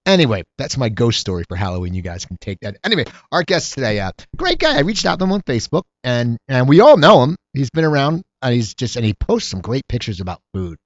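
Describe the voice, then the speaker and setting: Lively, animated man hosting a talk show. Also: medium pitch, fast, hardly any pauses, no echo. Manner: animated storytelling. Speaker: host. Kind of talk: casual chat. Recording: dull lo-fi sound.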